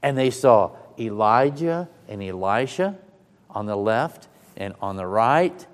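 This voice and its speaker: A man's voice: medium pitch, expressive, unhurried. A man preaching a sermon in a dramatic, emphatic way, sometimes speaking in the first person of the scripture he retells. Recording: long reverb of a large hall.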